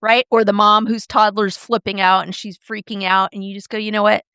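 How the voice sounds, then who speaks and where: A woman's voice: mid-range voice, clear, resonant tone, no room sound. Chatty middle-aged woman, dry close sound. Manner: chatty, expressive, quick shifts in tone. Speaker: podcast co-host. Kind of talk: casual chat.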